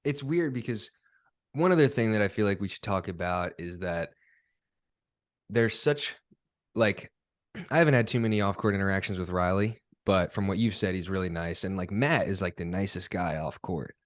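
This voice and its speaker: A young man hosting a podcast, chatting casually in a relaxed, rambling, self-deprecating way. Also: deep voice, moderate pace, no room sound, studio quality. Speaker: podcast host and pro player.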